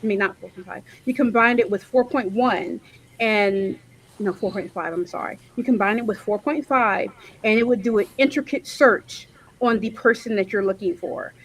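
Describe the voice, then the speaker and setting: A woman on a panel, talking casually with many pauses and self-corrections, over a video call. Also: medium pitch, husky, low-quality recording. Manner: hesitant, lots of um and self-corrections.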